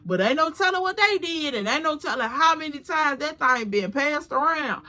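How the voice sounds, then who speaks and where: A woman's voice: high-pitched, animated, normal speed, sharp tone, pitched above the performer's own voice. Woman doing a cackling jokester guy. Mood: teasing. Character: loud teasing jokester young man.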